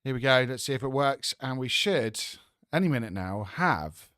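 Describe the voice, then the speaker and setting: A man hosting a casual live stream, talking excitably and rambling with stammered restarts. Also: mid-range voice, normal speed, no echo, studio quality. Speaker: host.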